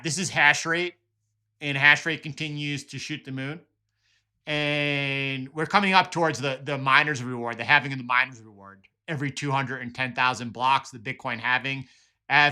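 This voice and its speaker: A man giving casual market commentary with a very bright, forceful voice at a middle pitch. He talks conversationally, restarting sentences and repeating words as he thinks aloud. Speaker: market analysis host.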